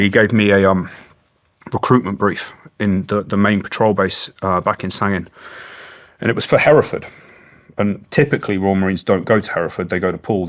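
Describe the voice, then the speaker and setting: Blunt, swearing British ex-soldier man. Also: deep voice. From Britain. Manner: blunt, heavy swearing, emotional recounting. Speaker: guest, former special forces soldier. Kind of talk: candid interview storytelling.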